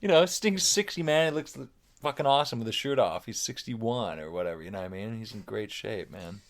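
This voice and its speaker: A man's voice: lowish voice, lively intonation, fairly quick. A middle-aged man chatting as a podcast guest, rambling and cursing freely while telling self-deprecating stories. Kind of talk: casual chat.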